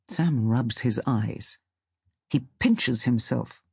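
A man narrating an audiobook story in a calm, measured way on a close studio mic. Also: medium pitch, breathy edge, no room sound.

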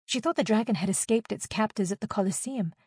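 A woman reading a fantasy novel aloud as an audiobook narrator, in a steady, expressive reading. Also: medium pitch, fast, husky, no room sound, clean studio sound.

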